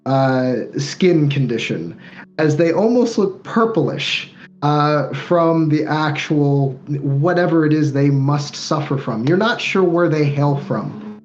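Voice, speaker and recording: A man running a tabletop game, describing the scene in a loose, rambling manner full of "kind of" and "like." His voice sits a bit higher than usual for a man. The stream audio is dull and lo-fi, with soft music in the background. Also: animated, slow. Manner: loose, descriptive, hedging with fillers. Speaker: game master.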